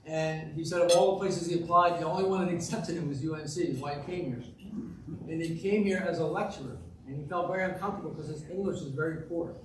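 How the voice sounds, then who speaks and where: A man's voice: a little high, fairly even intonation, quick pace. Folksy man telling jokes in an echoey room. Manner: folksy, chatty storyteller. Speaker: Rotary club speaker. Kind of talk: joke-telling club talk. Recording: distant, echoey room with background noise.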